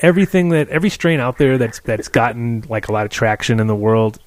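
A man's voice: medium pitch, fairly even intonation, quick pace, a little mellow. A man hosting a podcast, joking and laughing easily while throwing in short reactions. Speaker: podcast host. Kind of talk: casual chat.

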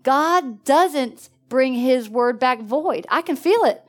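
Animated woman preacher telling stories. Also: high voice, slow pace. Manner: animated, swings between excited exclamations and hushed asides. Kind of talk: storytelling sermon.

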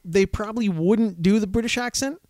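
A man co-hosting a podcast, telling stories in an animated, swearing, casual way. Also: high-pitched, moderate pace, dry recording, studio quality. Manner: animated storyteller, swears freely. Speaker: podcast co-host. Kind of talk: casual chat.

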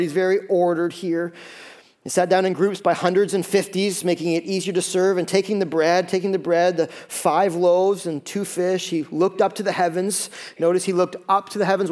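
A man preaching a sermon in a lively, conversational way, with quick asides and acted-out quotes. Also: sits high. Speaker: pastor.

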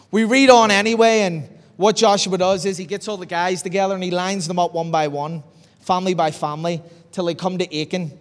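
Northern Irish pastor, chatty sermon. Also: male voice, sits high, a little fast. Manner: conversational, lively storytelling preaching. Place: church hall. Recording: long hall reverb.

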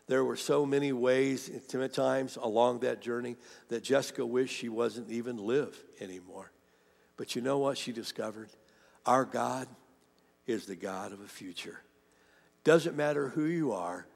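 A pastor preaching a sermon, retelling a woman's testimony with animated emphasis and fervent questions to the congregation. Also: medium pitch, vocal fry, long reverb tail. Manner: animated storytelling, quoting a woman's testimony, rising to fervent appeals.

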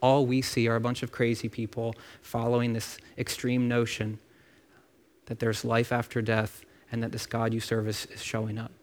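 A man's voice: mid-range voice, completely flat delivery, moderate pace. A man preaching a sermon in a casual, conversational way, with frequent asides and repeated words. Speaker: pastor.

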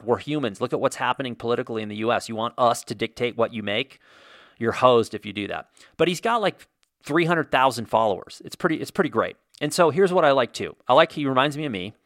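A man's voice: medium pitch, fairly bright tone, dry recording. A man delivers a solo podcast monologue in a mid-range voice, blunt and opinionated, ranting freely and swearing now and then. The sound is dry and close, with no room around him. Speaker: podcast host.

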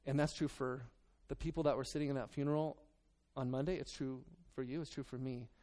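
In this sermon, a male pastor moves from reading scripture to speaking plainly with his congregation, earnest and conversational, often halting and restarting his ideas. He talks briskly at an ordinary middle pitch, with a dark tone and fairly even intonation.

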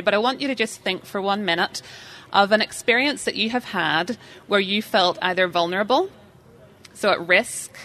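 A woman's voice: medium pitch, bright, forceful tone. A woman giving an interactive live seminar talk, chatty and self-deprecating, putting questions to the audience. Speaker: seminar speaker.

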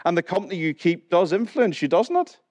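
A man's voice: sits high, sing-song, brisk, a little mellow, no echo. A man with a Northern Irish accent preaching a sermon in a conversational way, putting questions to the congregation and joking now and then. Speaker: pastor. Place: church hall.

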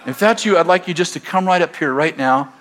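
A middle-aged American man preaching a sermon in a church, telling stories and building to loud exhortation. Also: on the high side, a little fast. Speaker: pastor. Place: church sanctuary. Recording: faint crowd in a church. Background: congregation.

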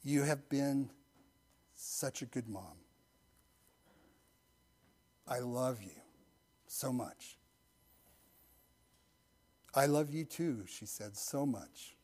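Soft-spoken middle-aged man preaching. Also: medium pitch. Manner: soft-spoken, intimate storytelling that drops to near-whispers; slow, earnest prayer cadence. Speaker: pastor. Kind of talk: sermon with personal story and prayer.

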